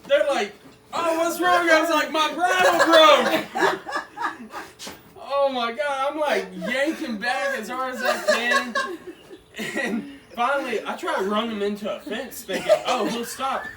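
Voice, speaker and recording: High, animated cowboy storyteller. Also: male voice, moderate pace, heavy background noise. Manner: animated, laughs often while telling. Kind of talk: casual storytelling. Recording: echoey room from far off with loud crowd.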